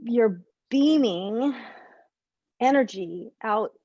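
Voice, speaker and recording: A woman's voice: fairly high pitch, very slow, breathy edge, dry recording, muffled recording. A woman relationship coach leading a group session over a video call, explaining in a rambling way and often restarting her sentences. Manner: rambling, self-correcting, animated explanations.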